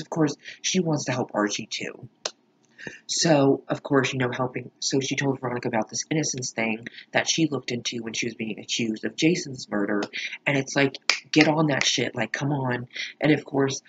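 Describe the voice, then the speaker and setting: A man's voice: mid-range voice, a bit bright, breathy edge, lo-fi sound. A man giving a rambling, profane, emphatic reaction commentary on a TV episode. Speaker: show reaction vlogger.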